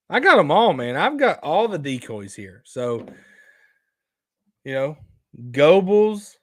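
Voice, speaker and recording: A man hosting a casual outdoors live stream, rambling and excitable as he reacts to viewer photos. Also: a little high, no room sound, studio quality. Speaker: outdoors show host.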